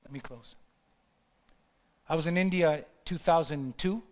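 A man's voice: a little high, unhurried, long reverb tail. A male pastor preaching a sermon, repeating lines for emphasis and building to fervent peaks.

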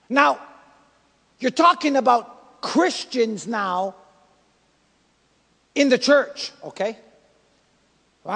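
A male pastor preaching a sermon, swinging from loud emphatic lines to quiet soft ones. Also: very high-pitched, husky, long reverb tail. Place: church.

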